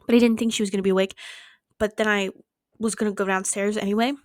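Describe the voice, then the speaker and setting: She talks fast, and the clean studio sound has no room echo. In a bedroom storytime vlog, the young woman swears freely and animatedly acts out quotes with abrupt leaps in pitch.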